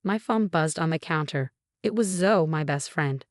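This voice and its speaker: Brief: woman storyteller, low voice, dry close recording. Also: normal speed, no echo. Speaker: narrator. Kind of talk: scripted first-person story narration.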